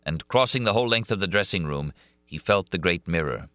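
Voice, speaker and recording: Male audiobook narrator, low but lively voice, bright, dry close recording. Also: a little fast, no room sound. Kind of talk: scripted narration.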